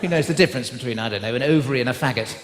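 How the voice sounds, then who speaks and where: A man's voice: mid-range voice, rapid-fire, heavy background noise. A man doing stand-up comedy to a live audience, chatting and teasing the crowd with tag questions. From England, West Country. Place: large live theatre with an audience. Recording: live hall recording with crowd. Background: audience laughter.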